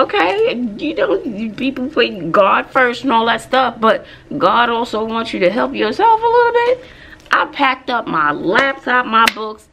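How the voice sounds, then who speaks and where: A woman's voice: on the high side, creaky. A woman, chatting casually in a vlog. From Texas, USA. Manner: chatty, animated storytelling with asides. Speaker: vlogger and teacher.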